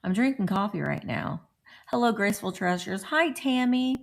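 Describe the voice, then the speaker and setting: A woman's voice: medium pitch, lively intonation, normal speed, vocal fry. A middle-aged woman casually chatting on a morning live stream from home, greeting viewers by name as she talks. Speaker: vlogger hosting a live stream.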